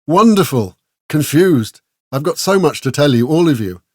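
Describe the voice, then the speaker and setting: Guy doing a high gushy excited lady, all emotional, storybook character. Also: brisk, no room sound, studio quality, lightly acted. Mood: overjoyed. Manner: effusive, breathless with joy. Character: excitable, emotional woman companion.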